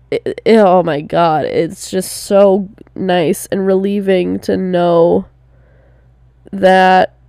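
A woman's voice: medium pitch, creaky, a little mellow, dry recording, clean studio sound. A young woman in her twenties talking candidly in a personal vlog, casual, with lots of fillers and swearing. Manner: slow, drawn-out delivery. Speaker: vlogger.

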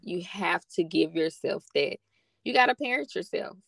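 A woman's voice: lowish voice, lively intonation, moderate pace, vocal fry, a bit bright, no room sound. A woman talking as a podcast guest in a casual, heartfelt chat, earnest and encouraging, repeating phrases for emphasis.

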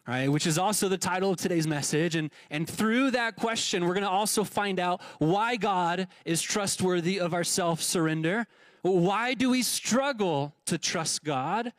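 A male pastor preaching a sermon in a casual, conversational way, often tossing in a "right?" to the congregation. His voice sits a little high for a man. The sound is close and dry, with no room echo. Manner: conversational, asks "right?" often, restarts words. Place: church sanctuary.

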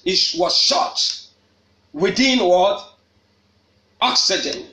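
A man preaching at a prayer meeting, shouting and repeating phrases for emphasis. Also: high voice, sing-song, a little slow. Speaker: apostle leading a prayer meeting. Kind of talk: fiery preaching. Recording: echoey room.

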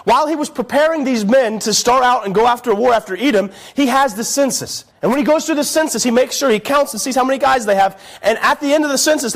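A man with a notably high voice preaches a sermon to his church. He retells the story casually, with plenty of asides, and keeps asking his listeners if they follow. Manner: chatty, storytelling, asks the congregation "right?".

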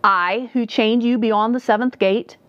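A woman's voice: on the high side, steady tone, a little slow, clean tone, natural voice. A grave male necromancer speaks firmly and resolutely, as a woman reading the story takes his part. The sound is muffled and dry, with no echo. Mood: stern. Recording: dull, dry recording.

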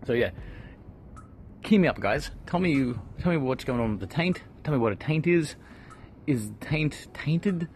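A man's voice: on the high side, lively intonation, a little slow, a little mellow, slight background noise. Jokey man rambling on his podcast. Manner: jokey, rambling, playfully sarcastic. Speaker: podcast host. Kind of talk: casual podcast monologue. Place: home garden outdoors.

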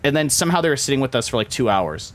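Male podcast host, loose rambling storyteller, casual chat, mid pitch. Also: expressive, very fast. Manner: rambling storyteller, heavy use of filler "like".

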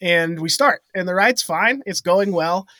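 A man's voice: high-pitched, unhurried, no room sound, studio quality. A man co-hosting a casual podcast, telling a funny story with lots of laughter. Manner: animated, laughing often, acts out voices in stories. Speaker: podcast co-host.

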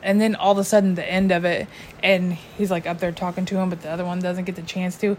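A woman in casual chat, animated, swearing freely and acting out her own reactions. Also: on the low side, quick pace, slight background noise, low-quality recording.

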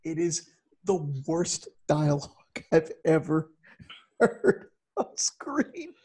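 A man co-hosting a casual movie review chat, animated and often laughing as he talks. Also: on the high side, slow pace. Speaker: podcast co-host.

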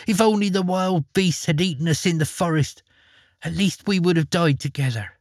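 A tearful little girl from a fairy tale, pleading in a high, soft, slightly distant voice, voiced by a man reading aloud. She sounds wide-eyed and innocent. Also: moderate pace, dry recording, clean studio sound. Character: frightened little girl, tearful but clever. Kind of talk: storybook reading.

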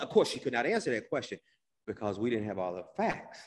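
A man preaching a sermon, swinging between hushed low lines and loud emphatic bursts, stretching and repeating his phrases and calling out to listeners by name. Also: big pitch swings, fast. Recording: long hall reverb.

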